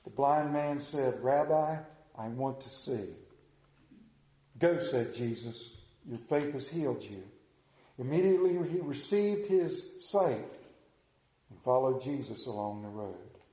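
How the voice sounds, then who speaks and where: A man's voice: medium pitch, expressive, measured pace, warm tone. Man preaching a sermon in an echoey room. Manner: conversational storytelling, self-deprecating humor. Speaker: pastor. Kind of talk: sermon with scripture reading and prayer.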